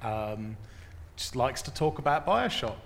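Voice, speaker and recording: A man in casual chat, rambling and deadpan. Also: medium pitch, unhurried, gravelly. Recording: reverberant room, faint ambience.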